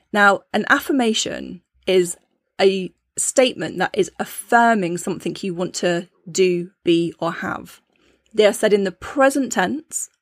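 A woman hosts a podcast and talks her listeners through her subject, in a conversational teaching manner with frequent check-ins. Her voice sits at a middle pitch and is recorded close and dry, with no room sound. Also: no room sound. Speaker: podcast host.

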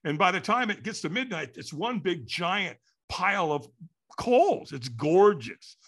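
A man telling a story in an animated way, acting out the quotes and sounds. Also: high-pitched, a little slow. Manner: lively, acts out quotes and sounds.

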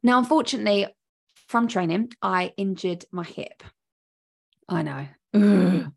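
A woman's voice: mid-range voice, animated, normal speed, creaky. A woman podcast host telling a personal story in a chatty, candid way, stressing words by repeating them. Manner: chatty, candid, emphatic repetition.

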